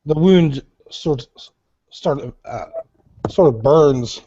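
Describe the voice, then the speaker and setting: A man playing at a tabletop game, describing his character's actions in a halting way, repeating words as he thinks aloud. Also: a little high, expressive, warm tone, husky, no echo, dull audio. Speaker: player.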